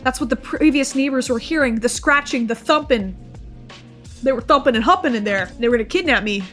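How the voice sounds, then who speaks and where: High, bright-voiced excitable woman streamer. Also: fairly quick. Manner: excitable, swearing, shrieking, laughing. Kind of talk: casual horror game commentary. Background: faint game music.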